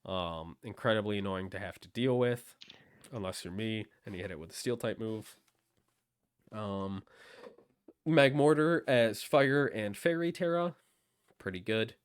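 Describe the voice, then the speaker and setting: A man in casual conversation with a low, smooth voice. He hesitates often, filling gaps with ums as he thinks aloud. The sound is close and dry. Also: a little slow, long pauses, dry recording. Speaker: host. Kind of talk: casual discussion.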